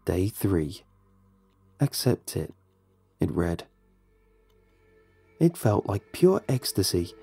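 A man reads a first-person horror story in a low, dark, husky voice. His pitch moves a lot as he leans into the hushed, dramatic moments. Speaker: narrator.

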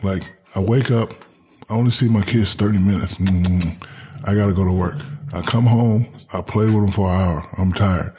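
A man's voice: fairly low pitch, steady tone, a little fast, warm tone, slight background noise. A retired athlete in his forties, a guest, telling stories in casual chat and mimicking people with joking boasts. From Newark, New Jersey, USA. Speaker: retired basketball player, podcast guest.

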